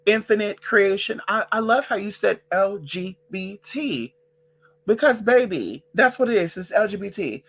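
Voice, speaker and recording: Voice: mid-range voice, expressive, moderate pace, fairly bright tone. A vlogger ranting casually to the camera, sassy and profane, who calls listeners girl and honey and hammers phrases by repeating them.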